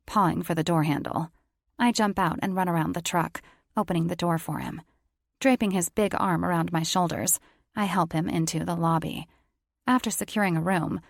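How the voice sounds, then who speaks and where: A woman's voice: lowish voice, gravelly, dry recording, studio quality. A woman reading a first-person romance audiobook in a wry, confiding voice. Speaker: audiobook narrator.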